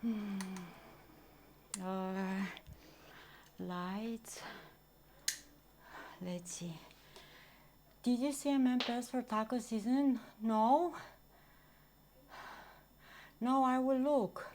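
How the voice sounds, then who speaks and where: A woman's voice: fairly high pitch, extremely slow, pauses often, darkish tone, a little hiss or hum. Winded woman chatting on a live stream. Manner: breathy, chatty, talks to her viewers. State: out of breath. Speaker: livestreamer. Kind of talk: casual live stream chat. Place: home, moving into a kitchen.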